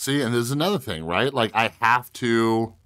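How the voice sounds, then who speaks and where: A man casually commentating his own card game play and chatting directly to his viewers, with sudden bursts of excitement. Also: medium pitch, moderate pace, smooth. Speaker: gaming video host.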